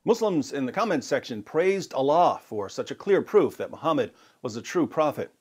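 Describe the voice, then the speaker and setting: A man narrating a scripted argument in a measured, explanatory way with a light sarcastic edge. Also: on the high side, sing-song, darkish tone, breathy edge. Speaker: narrator of a clip.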